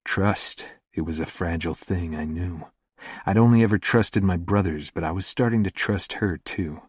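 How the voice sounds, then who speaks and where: A man narrating a first-person romance audiobook in a slow, hushed, intimate delivery. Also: sits low, slightly rough, no echo, clean studio sound.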